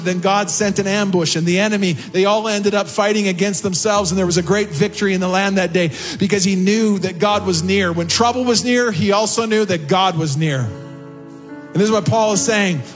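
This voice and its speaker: A man preaching a sermon as a pastor, impassioned and rising in pitch on prayers and quotes, with faint music behind. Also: steady tone, brisk. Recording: long hall reverb with faint music behind. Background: soft music.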